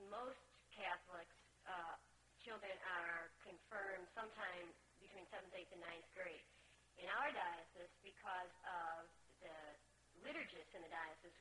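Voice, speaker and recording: A woman speaking at a conference on religious education, answering questions in an earnest, measured, lecture-like way. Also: on the low side, pushed and bright, a little hiss or hum, low-quality recording. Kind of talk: formal conference talk and answers.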